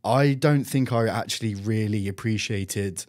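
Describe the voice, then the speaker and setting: A man's voice: lowish voice, unhurried, darkish tone. A man hosting a podcast, chatting casually and laughing often at himself. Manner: self-deprecating, laughs often. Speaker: podcast host. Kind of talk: casual chat.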